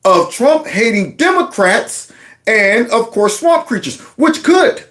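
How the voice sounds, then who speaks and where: Mocking, high, lively man. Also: slow pace. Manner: sarcastic, mocking, rhetorical questions. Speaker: commentary vlogger. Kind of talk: reaction commentary on news clips.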